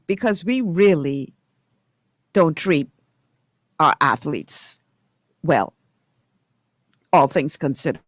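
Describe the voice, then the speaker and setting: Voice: mid-range voice, animated, brisk, no room sound. A speaker from the Bahamas, giving earnest, reflective open-line commentary on talk radio. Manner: earnest and reflective, praising warmly.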